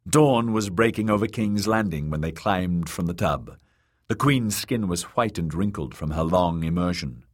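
A man narrating an audiobook in a measured, dramatic reading. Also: deep voice, animated.

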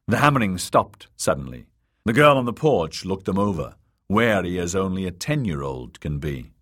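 Husky low-voiced male audiobook narrator. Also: sing-song, a bit bright. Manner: measured storytelling.

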